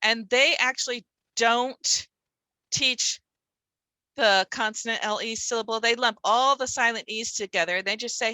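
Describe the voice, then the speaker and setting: A woman's voice: medium pitch, fairly even intonation, measured pace, pushed and bright, no echo, rough recording. A middle-aged woman leading a teaching workshop, explaining in a conversational way with rhetorical questions. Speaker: literacy teacher trainer.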